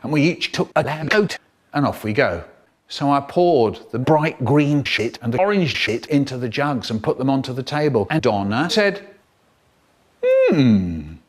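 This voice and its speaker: Animated storyteller man. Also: normal speed. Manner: animated, jumps between voices and pitches. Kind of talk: spliced comic storytelling.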